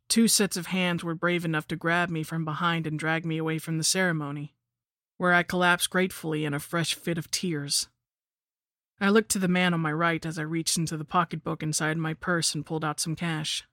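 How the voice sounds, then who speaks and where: A man's voice: fairly high pitch, bright, forceful tone, dry recording, clean studio sound. A man reading a first-person horror story aloud with a wry, storytelling manner. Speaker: narrator. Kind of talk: scripted horror story narration.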